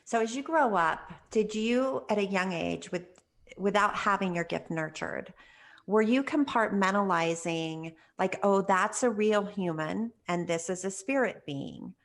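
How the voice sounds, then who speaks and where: Curious woman host, mid-pitched. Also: measured pace, gravelly. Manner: curious, asks long probing questions. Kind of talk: casual interview conversation.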